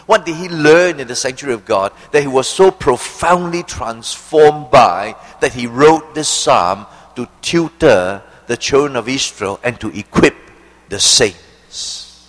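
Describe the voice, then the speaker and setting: A male preacher giving an expository sermon, asking rhetorical questions and slowing down to stress key phrases. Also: medium pitch, in a large hall, low-quality recording.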